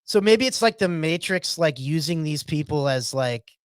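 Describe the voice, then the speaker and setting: Podcast host guy, slightly high voice, gets excited and rambles, dead dry mic. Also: moderate pace, clean tone, no room sound. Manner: excitable, rambling, fillers like "like" and "you know". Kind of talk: casual chat.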